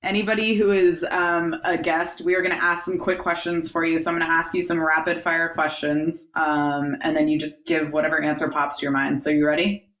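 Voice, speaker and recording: A woman's voice: low-pitched, little pitch movement, brisk. A woman in her thirties hosting a podcast in casual chat, upbeat and steering the conversation. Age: 30s. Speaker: podcast host. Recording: echoey, muffled home recording.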